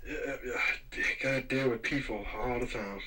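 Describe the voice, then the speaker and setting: A man's voice: medium pitch, moderate pace, bright, forceful tone, far from the mic, low-quality recording. A man co-hosting a casual podcast chat, venting about dealing with people in an exasperated, sighing way. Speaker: podcast co-host.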